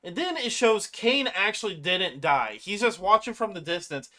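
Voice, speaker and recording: Casual movie recapper, rambling and profane, mid-pitched voice, slips into animated quotes. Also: moderate pace. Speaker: movie reviewer.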